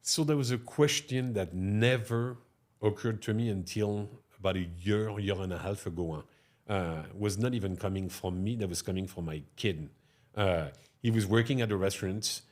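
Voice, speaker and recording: With a lowish voice at normal speed, a middle-aged restaurateur with a French accent spins animated stories in an interview. He keeps ending sentences with "no?" and "huh?".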